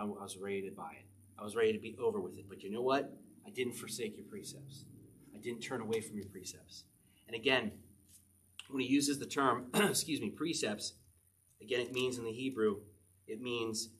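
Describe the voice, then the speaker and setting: A middle-aged man, a pastor, preaching a conversational sermon and often checking in with his listeners with a quick "okay?". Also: mid-range voice, fairly bright tone. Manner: conversational, chatty preaching with frequent "okay?" asides.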